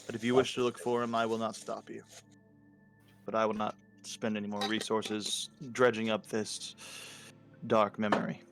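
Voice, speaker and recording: A man voicing a solemn, formal river king in a tabletop game, speaking in a measured, hesitant way. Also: on the low side, monotone, creaky, fairly bright tone, faint music behind. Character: solemn middle-aged human river king.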